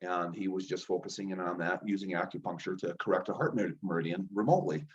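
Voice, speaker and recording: A man's voice: low-pitched, fast talker. A man, a chiropractor and healer guest, telling rambling stories in a casual interview and acting out quoted dialogue. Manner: rambling, restarts often, acts out quoted dialogue. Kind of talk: conversational storytelling. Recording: dull lo-fi sound.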